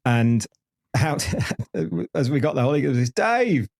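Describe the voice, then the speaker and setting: A man's voice: mid-range voice, measured pace, a little mellow. A man in his fifties, a podcast host telling rambling stories with lots of restarts in a candid interview. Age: 50s. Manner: rambling anecdotal storyteller with frequent restarts.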